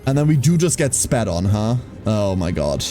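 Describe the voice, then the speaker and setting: A male streamer commenting live on his gameplay, thinking aloud and cursing freely. His pitch swings widely as he talks, and his tone is mellow and warm. Faint music plays underneath. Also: big pitch swings, moderate pace. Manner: thinks aloud, swears, casual and frank.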